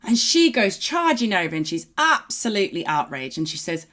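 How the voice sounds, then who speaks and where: A woman co-hosting a reaction video, telling a long joke in a casual, animated way and laughing easily. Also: medium pitch, moderate pace, few pauses. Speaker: reaction channel co-host.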